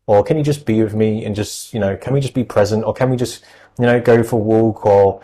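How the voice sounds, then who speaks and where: A man's voice: on the low side, fairly even intonation, a little fast, mellow, low-quality recording. A man, an anxiety specialist, giving earnest, reassuring advice in a podcast conversation, with lots of fillers.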